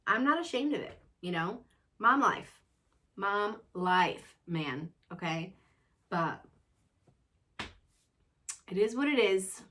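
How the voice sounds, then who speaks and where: A woman's voice: mid-range voice, lively intonation, takes it slowly, pauses often, fairly bright tone. A woman hosting a casual chat about motherhood, talking in an earnest, self-reflective way and often checking in with "you know.". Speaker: mother and show host.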